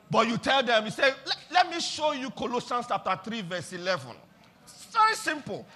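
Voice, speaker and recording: Fervent pastor with a very high, bright voice. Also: male voice, big pitch swings, moderate pace, breathy edge. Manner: fervent, leads congregation in call-and-response, bursts into shouts. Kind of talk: sermon. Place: church.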